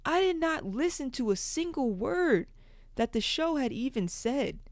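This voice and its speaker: A young woman hosting a podcast, telling a story in a casual, profane, animated way. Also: sits high, unhurried, dry recording, clean studio sound. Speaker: podcast host.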